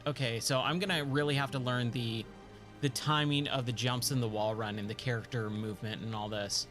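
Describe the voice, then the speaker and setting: Over music, a man streams a video game with a brisk, steady, mid-range voice. He chats and jokes with his viewers and himself in casual let's-play commentary as he plays.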